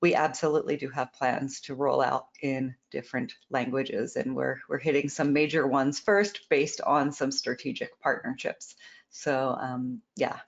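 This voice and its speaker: A woman's voice: very deep voice, level tone, measured pace, vocal fry, muffled recording. A woman answering product questions in a casual Q&A, frank and explanatory, repeating words as she thinks. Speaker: company co-founder answering questions.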